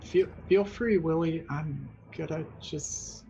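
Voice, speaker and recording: A man's voice: a little high, takes it slowly, gravelly, mellow. A laid-back man playing a tabletop game who laughs easily. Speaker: player. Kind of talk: casual tabletop play. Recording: dull lo-fi mic with faint noise.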